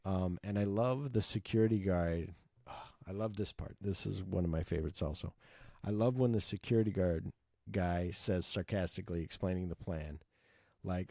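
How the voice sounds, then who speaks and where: A man casually retelling his favorite film scenes, excited and swearing, acting out the characters' lines. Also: low voice, normal speed, no echo, studio quality. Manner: enthusiastic, swears, acts out quotes. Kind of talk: casual movie recap.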